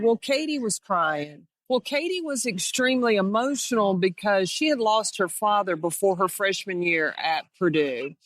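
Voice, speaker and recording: Middle-aged female ex-coach, animated storyteller who voices the people she quotes; dry, close recording. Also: medium pitch, no room sound. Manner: storytelling that acts out quoted dialogue. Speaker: former head coach. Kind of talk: reminiscing interview.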